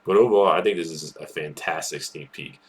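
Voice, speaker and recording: Low-voiced man rambling about a film clip. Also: brisk. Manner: rambling, enthusiastic, many restarts and fillers. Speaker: movie news host. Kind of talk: casual solo commentary.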